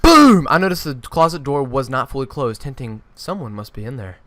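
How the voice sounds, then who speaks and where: Animated teen guy telling a story. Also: mid-range voice, a little fast. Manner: animated storytelling with frequent restarts. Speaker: YouTuber. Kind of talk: storytime vlog.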